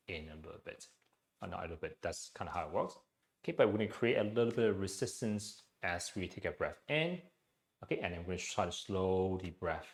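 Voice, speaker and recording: A man leading a guided breathing exercise class into his own mic, speaking gently, with frequent "okay" and "um". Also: fairly low pitch. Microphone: personal mic.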